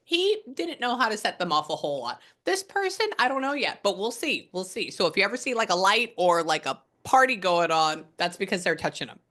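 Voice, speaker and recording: Bright-voiced chatty woman medium. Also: medium pitch, sing-song, brisk, hardly any pauses. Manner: chatty, rambling, casual swearing. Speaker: psychic medium. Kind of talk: casual spirit reading session.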